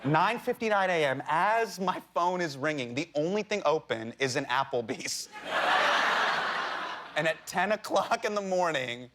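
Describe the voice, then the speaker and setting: A man in his thirties tells a comic story as a talk-show guest, his voice high and lively, leaping between registers as he acts out every line he quotes. There is a faint hum behind him in the television studio. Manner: acts out voices in quoted dialogue, fast and playful. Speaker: comedian guest. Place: television studio with a live audience.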